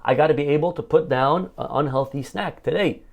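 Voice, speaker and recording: A man's voice: on the high side, fairly quick, gravelly, a little mellow. A man speaking as a rabbi, telling a heartfelt story in a conversational sermon, with many "you know" fillers.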